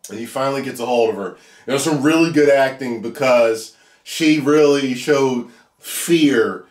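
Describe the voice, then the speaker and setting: A man giving a casual video review of a TV episode, animated, laughing often and breaking into loud whoops. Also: medium pitch, a little slow. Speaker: TV show reviewer. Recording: echoey room.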